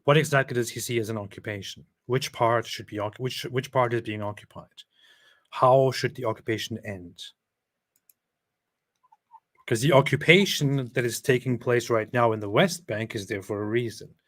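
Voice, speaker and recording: A man's voice: mid-range voice, steady tone, normal speed. A man hosting a reaction commentary, talking in a conversational way with fillers and restarts. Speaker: commentary channel host.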